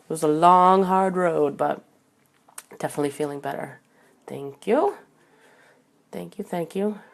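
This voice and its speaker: A woman's voice: fairly low pitch, lively intonation, measured pace, gravelly. A woman hosting a live video chat from home, her voice still recovering from a head cold, chatty and laughing often as she greets viewers by name. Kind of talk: casual live-stream chat. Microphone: desk microphone.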